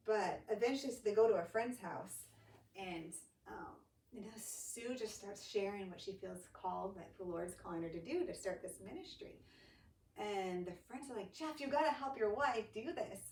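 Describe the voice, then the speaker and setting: Recorded in an echoey church room or studio with a distant mic and slight hiss, a woman guest who leads a ministry tells a story in easygoing talk. Her pitch is medium and her pace moderate, and she brings quoted voices to life as she goes.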